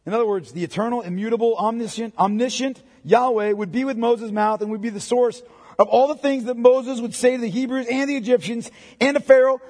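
Male pastor, high and husky voice, dynamic sermon delivery in a reverberant hall. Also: steady tone, brisk. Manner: swings from hushed to loud emphatic preaching.

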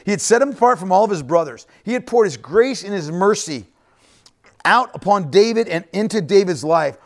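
A man's voice: sits high, lively intonation, moderate pace. A man preaching a sermon to a congregation, talking directly to them with frequent "right?" asides and repeated phrases. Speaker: pastor.

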